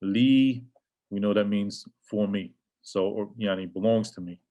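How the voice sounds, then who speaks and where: A man's voice: on the low side, measured pace, dark tone. Patient man teaching Arabic grammar. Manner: patient, repeats words, reads Arabic sentences aloud then translates. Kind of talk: casual grammar lesson explaining textbook examples.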